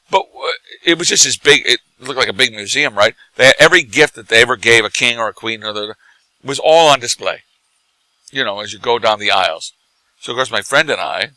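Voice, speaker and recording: A middle-aged man, drunk, telling animated stories in casual bar chat as a guest who acts and teaches comedy. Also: mid-range voice, no echo, rough recording. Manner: animated, laughing, tipsy anecdotes.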